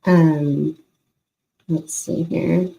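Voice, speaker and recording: A young adult woman hosting her channel, telling a personal story in a halting, casual way with many fillers. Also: low-pitched, steady tone, vocal fry, dark tone, rough recording. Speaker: YouTube channel host.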